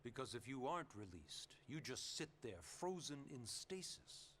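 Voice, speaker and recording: A man's voice: mid-range voice, big pitch swings, measured pace, slight background noise. An actor playing a polite, persuasive male official in a video game who coaxes people into agreeing. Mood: coaxing. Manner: polite, coaxing, quietly manipulative. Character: smooth-talking male official, persuasive and sly.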